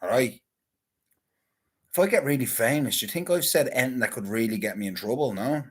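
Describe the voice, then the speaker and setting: Husky man rambling crudely. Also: medium pitch, expressive, fairly quick. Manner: crude, profane, rambling banter. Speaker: vlogger. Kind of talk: casual rambling monologue.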